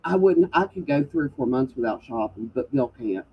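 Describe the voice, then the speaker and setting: A woman's voice: a bass voice, lively intonation, brisk, breathy edge. A woman chatting casually, rambling and restarting her sentences. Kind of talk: casual chat. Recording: slightly dull stream audio.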